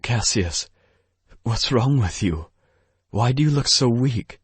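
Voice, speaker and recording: A man's voice: mid-range voice, animated, slow, husky, dry recording, pitched above the performer's own voice, heavily acted. A man narrating an audiobook, voicing a guilt-ridden young woman who is crying and pleading. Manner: broken, pleading. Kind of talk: audiobook character voice.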